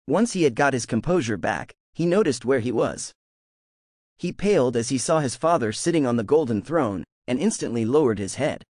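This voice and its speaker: Expressive male audiobook narrator, dry sound. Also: mid-range voice, no room sound.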